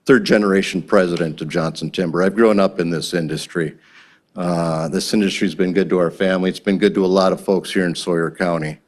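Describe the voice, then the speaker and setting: A man with a notably low voice speaks at a county board meeting, earnest and halting. He often restarts his sentences and repeats words as he talks. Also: steady tone. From Wisconsin. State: a little emotional. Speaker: timber company president.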